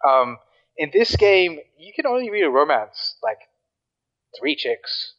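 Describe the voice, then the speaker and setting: A man's voice: a little high, big pitch swings, measured pace, a bit bright. Rambling man, lo-fi recording. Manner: rambling, frequent fillers and restarts. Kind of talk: casual chat.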